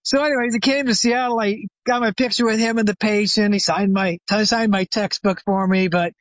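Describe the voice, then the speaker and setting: Retired chiropractor telling an animated story. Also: male voice, high voice, a little fast, no echo. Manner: animated anecdote teller, acts out quoted phone calls. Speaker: retired chiropractor, guest expert. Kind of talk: storytelling interview. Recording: dry, slightly dull sound.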